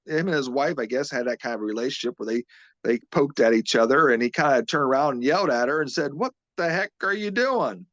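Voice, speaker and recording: A man, a physical therapist, being interviewed as a guest and earnestly retelling a witness's story, halting and restarting often. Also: mid-range voice, fairly bright tone, dry recording, highs cut off.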